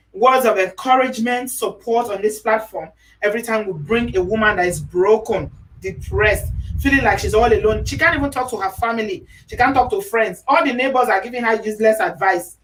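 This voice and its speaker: A woman with a Nigerian accent hosting a live stream, mixing English with pidgin in an animated, affectionate way. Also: medium pitch, far from the mic, slight background noise, poor audio. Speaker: host.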